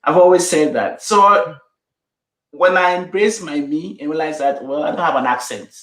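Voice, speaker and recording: A woman's voice: deep voice, moderate pace, reverberant. A middle-aged woman speaking as an interview guest in an emphatic, repetitive, affirming way. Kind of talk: interview conversation.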